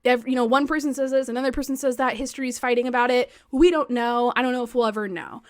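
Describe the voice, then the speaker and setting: A woman co-hosting a podcast, telling a history story in animated, chatty talk full of "like" and the odd swear word. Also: high-pitched, quick pace, no room sound, clean studio sound. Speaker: podcast co-host. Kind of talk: casual chat, storytelling.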